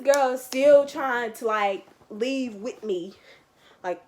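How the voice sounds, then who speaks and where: A woman's voice: a little high, drawn-out words, a little mellow, slight background noise. A nineteen-year-old woman, telling a story on her vlog and acting out the quotes. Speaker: vlogger.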